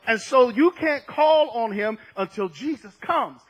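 A man preaching a fervent sermon, dropping low and then shouting as he acts out scripture. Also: lively intonation, unhurried, slightly rough, rough recording.

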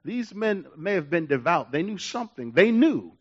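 A male pastor preaching a sermon in an animated way, laughing, repeating himself and telling stories. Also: high voice, moderate pace, slightly rough, highs cut off.

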